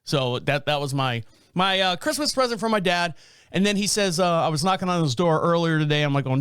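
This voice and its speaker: A man in his fifties hosts a casual podcast, telling stories in a high voice that swings up and down. He laughs and curses along the way. The sound is close and dry. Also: a little fast, clear, resonant tone, dry recording. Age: 50s. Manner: animated, swears, laughs often. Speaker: podcast host. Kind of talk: casual storytelling chat.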